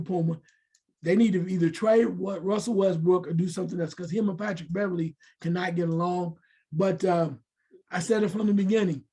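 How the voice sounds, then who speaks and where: Husky high-voiced man giving hot takes. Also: darkish tone. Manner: opinionated, loose, with fillers. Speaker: sports radio co-host. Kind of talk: casual sports talk.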